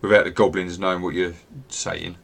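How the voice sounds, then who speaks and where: Male game master, low voice, relaxed narration full of fillers. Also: brisk, gravelly. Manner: relaxed, hesitant with many fillers.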